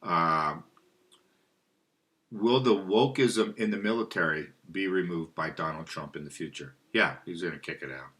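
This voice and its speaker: A man's voice: low voice, normal speed, fairly bright tone. A man talking in a rambling monologue, often losing his thread and asking questions aloud, then answering them himself. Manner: rambling, loses track, asks dowsing questions aloud. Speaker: spiritual video host.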